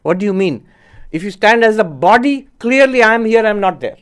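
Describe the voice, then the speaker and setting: A male monk teaches philosophy in a clear, resonant voice that sits a little above the usual male pitch. He speaks in measured phrases and leans on key words. He often asks his listeners questions to make them think. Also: lively intonation, a bit bright. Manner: measured, emphatic, poses rhetorical questions to listeners. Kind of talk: philosophy lecture.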